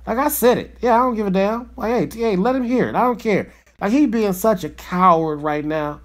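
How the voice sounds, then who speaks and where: A fired-up man hosting his own podcast, talking straight to his listeners in a loose, profane rant. His voice sits a little higher than most men's, and he stays heated and slangy throughout. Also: brisk. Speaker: podcast host. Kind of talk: casual podcast monologue.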